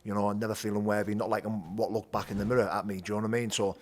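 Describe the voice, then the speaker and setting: A man with a Teesside accent telling his rough childhood story as an interview guest, blunt and animated, swearing freely. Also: fairly low pitch, very fast. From North East England. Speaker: guest, bare knuckle fighter. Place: gym.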